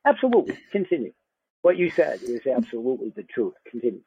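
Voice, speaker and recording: A man's voice: mid-range voice, very animated, fast talker, mellow, husky, no echo. Talkative man on a tinny phone line. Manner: talkative, repeats words, laughs often. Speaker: podcast host. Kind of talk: casual conversation.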